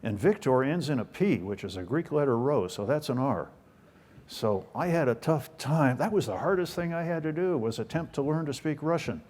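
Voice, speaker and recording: A man's voice: mid-range voice, expressive, moderate pace, darkish tone. Older american guy giving a talk, folksy jokes at his own expense. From United States. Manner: folksy, self-deprecating humor. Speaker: guest speaker. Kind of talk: storytelling talk.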